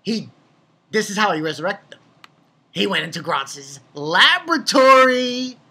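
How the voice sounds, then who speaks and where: A young man casually reviewing a comic chapter, rambling and excitable, swearing freely and laughing at his own jokes. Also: high-pitched, measured pace, noisy background. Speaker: manga reviewer.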